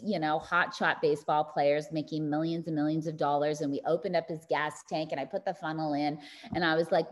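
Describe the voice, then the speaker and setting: A woman giving a motivational wellness talk, telling stories with animation and speaking directly to her audience. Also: low voice.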